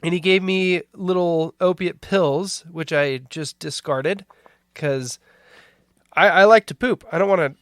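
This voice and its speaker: A podcast host telling a story in a casual, animated way, acting out what people said. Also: mid-range voice, measured pace, no echo, studio quality. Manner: animated storyteller, acts out quotes.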